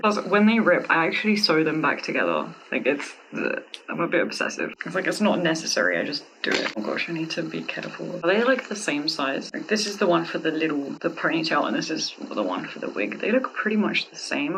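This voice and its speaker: A woman's voice: deep voice, a bit bright. Gushing woman unboxing a wig, noisy room. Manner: gushing, breathy exclamations, drops to whispers. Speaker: wig reviewer. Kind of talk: casual unboxing review.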